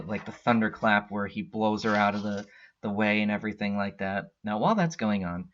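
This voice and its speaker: Low-voiced guy rambling through a comic recap, lots of uhs, lo-fi muffled sound. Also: a bit bright. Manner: rambling, filler-heavy retelling. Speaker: comic book podcast host. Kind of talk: casual storyline recap. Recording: dull lo-fi recording.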